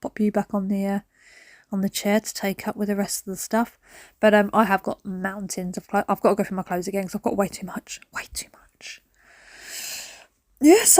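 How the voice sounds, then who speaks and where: Woman, chatty home vlog, rambling stories, whispered asides, dry close sound, mid-pitched voice. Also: no room sound. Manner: rambling, animated storytelling with sudden whispered asides. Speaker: cleaning vlogger. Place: at home, indoors.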